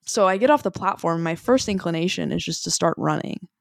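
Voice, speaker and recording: A woman co-hosting a podcast, telling a story in animated casual chat and saying "like" a lot. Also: fairly low pitch, a little fast, vocal fry, dry recording, studio quality. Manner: animated storytelling, heavy use of "like". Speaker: podcast co-host.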